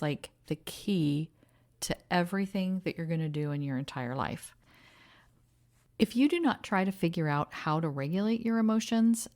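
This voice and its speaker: A woman hosting her own podcast as a life coach, speaking in a calm, direct coaching manner. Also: sits low, dry recording, studio quality. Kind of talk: podcast talk on emotional self-regulation.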